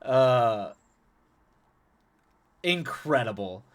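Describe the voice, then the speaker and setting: A man of ordinary pitch hosting a live stream and chatting easily with his viewers. His talk is loose and conversational, with frequent laughter. He often repeats words and restarts his sentences as he thinks aloud. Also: lively intonation, very slow. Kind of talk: casual chat with stream viewers.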